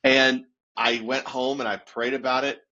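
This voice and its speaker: A man in his fifties, a youth pastor, telling his story as an animated guest in a casual interview and laughing often. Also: mid-range voice, normal speed. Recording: dull lo-fi sound.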